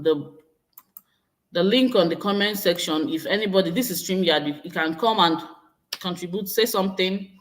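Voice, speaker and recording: A woman with a Nigerian accent hosts her own livestream, talking casually and energetically to her viewers. She exclaims often and answers comments as she reads them. She sounds like she is in her thirties. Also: fairly low pitch. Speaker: vlogger hosting a livestream.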